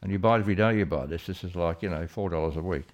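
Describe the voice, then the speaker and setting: A man's voice: sits low, rapid-fire, lo-fi sound. A man co-hosting a podcast, casual and sweary, telling stories with laughs. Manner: sweary, storytelling, laughs often. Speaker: podcast co-host. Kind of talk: casual chat.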